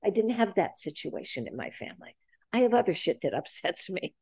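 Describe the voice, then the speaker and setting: A woman in her 70s hosts a relaxed group conversation at a boxing gym, her medium-pitched voice slightly rough and fairly quick. She tells animated stories and performs the quoted dialogue, with clean studio sound and no echo.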